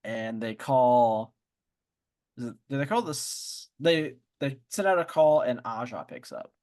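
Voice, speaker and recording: A man co-hosting a podcast, retelling a book's plot in an animated, swearing, jokey way. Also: mid-range voice, measured pace. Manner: animated storytelling, swears, jumps into silly voices. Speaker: podcast co-host. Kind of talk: casual book discussion chat.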